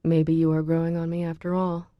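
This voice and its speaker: A woman reading the part of a calm, serious young male college student who talks in a guarded, quietly insistent way. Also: low voice, brisk, no echo, muffled recording, natural voice. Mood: gentle.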